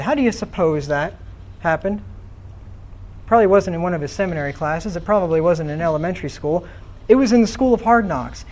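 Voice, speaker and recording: A pastor delivers a sermon in a church with a high-pitched voice for a man. He reads scripture aloud and keeps turning to the congregation with easy, conversational questions. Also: a little mellow.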